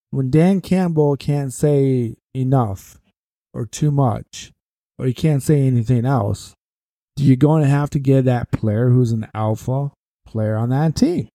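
Man, sports podcast host, dark mellow tone, dry close sound, rambling, repeats himself, short of breath. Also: medium pitch, no echo. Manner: rambling, repeats phrases for emphasis. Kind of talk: casual sports commentary monologue.

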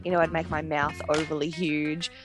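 A woman's voice: low-pitched, little pitch movement, normal speed. Giggly woman podcast host over music. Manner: chatty, self-mocking, giggly. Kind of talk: scripted podcast intro monologue. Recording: music bed behind the voice.

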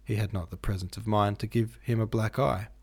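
A man reading a classic novel aloud as a podcast audiobook narrator, in a measured, steady way. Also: fairly low pitch, vocal fry, husky.

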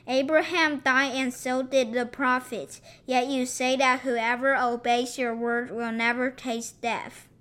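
A woman reads scripture aloud at an even, measured pace. Her voice sits high and sounds bright and clear. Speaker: scripture reader.

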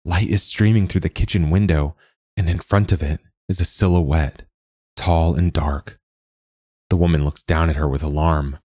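Deep-voiced male audiobook narrator. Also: fairly even intonation, normal speed, warm tone, no echo, studio quality.

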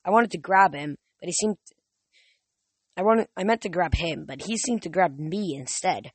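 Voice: mid-range voice, moderate pace, husky, dry recording. Casual audiobook reader, many slips. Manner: casual, with frequent slips and restarts. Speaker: narrator. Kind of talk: audiobook reading.

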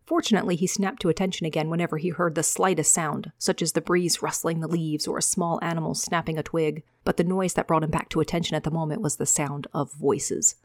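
A woman author reads her own fantasy novel in a steady, measured storytelling voice. Her pitch sits a little low, and the recording is dry and close. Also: dry recording.

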